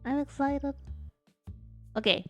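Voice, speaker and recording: A woman's voice: high-pitched, takes it slowly, fairly bright tone, dry recording, faint music behind. A woman streamer chatting casually while she plays, her voice stuffed up and congested, rambling and trailing off mid-sentence. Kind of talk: casual gaming stream chat.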